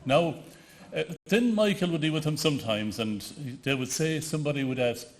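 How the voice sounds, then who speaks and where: This Connemara-accented man from the west of Ireland has a fairly high pitch and talks at normal speed. As an award ceremony speaker giving a tribute full of anecdotes, he often hesitates and starts his sentences over.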